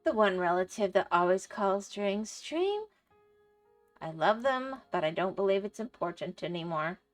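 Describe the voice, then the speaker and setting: A woman's voice: mid-range voice, expressive, moderate pace, soft background music. A middle-aged woman livestreaming, chatting casually and rambling through stories, laughing often and answering her chat. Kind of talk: casual chat while gaming.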